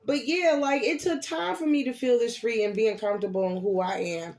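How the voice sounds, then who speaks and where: An older woman, giving a casual, animated tarot reading and cheering her listeners on. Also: fairly high pitch, a little fast. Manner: animated, preachy encouragement with laughs and slang. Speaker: tarot reader.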